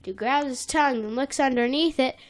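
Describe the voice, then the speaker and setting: Brisk and high-voiced, this podcast co-host recaps an episode in a relaxed small-office setting, breaking playfully into character voices in short bursts.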